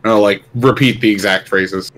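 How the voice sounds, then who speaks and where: A man's voice: on the low side, fairly even intonation, normal speed, fairly bright tone. A man playing a tabletop game, hesitant and playful, cracking jokes. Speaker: player. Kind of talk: casual tabletop game play.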